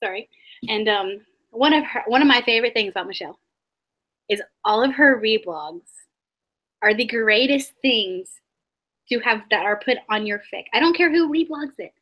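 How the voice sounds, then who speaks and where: A woman's voice: mid-range voice, moderate pace, pauses often, pushed and bright. Young woman rambling on a live stream. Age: 20s. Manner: rambling, scattered. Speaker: co-host. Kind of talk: casual live-stream chat.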